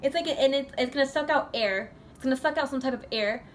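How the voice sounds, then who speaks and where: A woman's voice: sits high, quick pace, slight background noise. A woman from the USA telling a personal story in a casual vlog, rambling and chatty, full of fillers. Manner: chatty, rambling, heavy use of filler 'like'. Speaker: vlogger.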